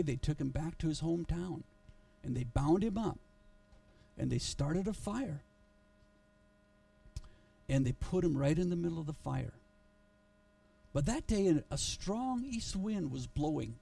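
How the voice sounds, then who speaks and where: A male pastor telling a story in a sermon, earnest and halting, with frequent restarts, recorded in a church. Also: high voice, vocal fry, dark tone, distant mic.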